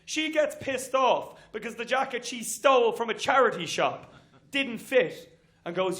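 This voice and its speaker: An Irish man doing a stand-up set on a comedy stage. He talks briskly and chattily and works the crowd with asides. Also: very high voice, expressive. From Ireland. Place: comedy venue stage with audience.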